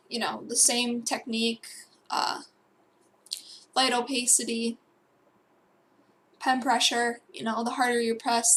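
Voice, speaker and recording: A woman's voice: a little high, flat delivery, takes it slowly, pauses often, fairly bright tone, a little hiss or hum. A young woman narrating a digital painting tutorial at home, rambling and correcting herself as she goes. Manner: rambling, self-correcting, with fillers and asides. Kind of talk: casual tutorial voice-over.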